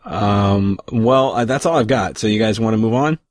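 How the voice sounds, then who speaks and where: A man hosting a casual podcast, laid-back and quick to laugh. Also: lowish voice, no echo, studio quality. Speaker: podcast host.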